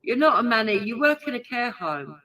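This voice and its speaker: A woman's voice: fairly high pitch, big pitch swings, fairly quick, a crowd in the background. A woman in a heated online argument, confronting and sarcastic, insisting on her point.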